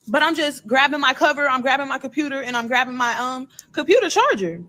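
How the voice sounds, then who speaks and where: Young woman with a high voice, earnest story-time vlog, repeats herself. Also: expressive, fast, few pauses, bright, forceful tone, rough recording. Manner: earnest, repetitive retelling. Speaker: storyteller in a played clip.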